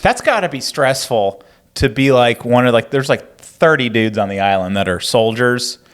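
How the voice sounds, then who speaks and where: A man's voice: medium pitch, animated, moderate pace, fairly bright tone. A man co-hosting a casual history podcast, bantering easily and often saying "like". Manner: easygoing, chuckling banter, lots of "like". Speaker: podcast co-host.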